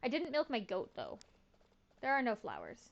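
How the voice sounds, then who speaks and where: A woman's voice: a little high, huge pitch swings, normal speed, vocal fry, muffled recording. A young woman streaming a farming game, chatting in a laid-back, slangy, self-mocking way. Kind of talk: casual gameplay commentary.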